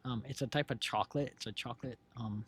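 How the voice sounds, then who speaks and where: Speaking fast in a mid-range voice that's a bit bright with a breathy edge, this middle-aged man keeps his intonation fairly even. He co-hosts and creates a stream from home, rambling casually to viewers with plenty of fillers and self-corrections, picked up by a desk mic while he wears headphones.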